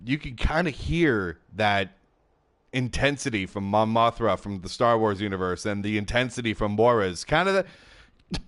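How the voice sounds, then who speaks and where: A chatty man hosts a casual gaming commentary, speaking at a mid pitch into a headset mic. He sounds excitable and loose, with plenty of laughs and filler words. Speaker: gaming YouTube host.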